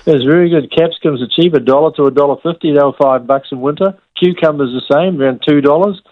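A New Zealand man talks quickly and cheerfully about his trade, like a regular radio guest. He calls in over a tinny phone line with a dry, close sound. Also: on the high side, no echo. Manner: chatty, upbeat, friendly sales talk. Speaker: fruiterer, weekly radio guest. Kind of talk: casual radio phone chat.

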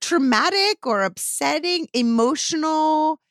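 A woman co-host chats with a guest in a very high, bouncing voice. She teases playfully and laughs often, keeping things light and casual. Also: expressive, slow pace, a bit bright, no room sound. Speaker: podcast co-host. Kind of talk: casual chat.

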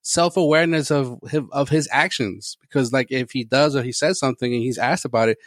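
A man's voice: mid-range voice, a little fast, dry recording. Male co-host, dry recording, casual agreeing chat. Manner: agreeing, lots of "like". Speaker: podcast co-host.

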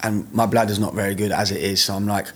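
A man's voice: fairly low pitch, fairly even intonation, fast, husky. A young man from England, a guest singer, telling a casual story with laughter and acted-out quotes.

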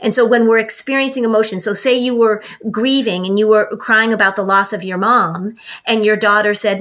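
A woman talks through parenting advice on a podcast in a fairly high voice. She explains at length and slips into short acted lines for a parent and a child, then goes back to explaining. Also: steady tone, moderate pace, few pauses, a bit bright. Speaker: parenting expert co-host. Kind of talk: casual podcast chat.

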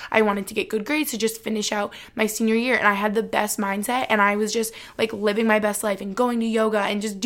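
A woman's voice: mid-range voice, fairly bright tone. A young adult woman vlogger chatting casually to camera, giving earnest advice and saying "like" often.

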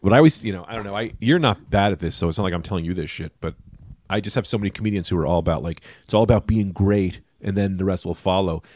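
A man hosting a podcast in casual comedian chat, animated and profane, jumping into loud mock voices. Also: deep voice, fast, no room sound. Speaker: podcast host.

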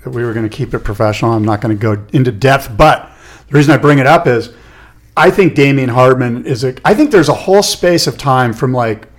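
A man's voice: mid-range voice, fairly quick. A man co-hosting a casual podcast chat, rambling and correcting himself as he asks probing questions. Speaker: podcast co-host.

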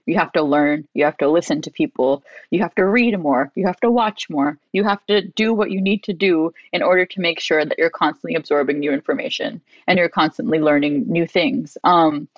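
A young woman, a guest, telling a story in casual chat. She is lively, says "like" a lot and jumps into higher voices when she quotes people. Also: a little fast, hardly any pauses, no echo, dull audio. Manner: animated, heavy use of "like", acts out quotes in a higher voice.

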